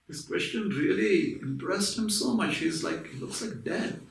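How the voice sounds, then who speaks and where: Male lecturer, fairly high and gravelly, animated storyteller; roomy, distant sound. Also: unhurried, hardly any pauses. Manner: animated storyteller, conversational asides. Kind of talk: storytelling spiritual talk. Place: room at a private home. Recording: echoey room, mic at a distance.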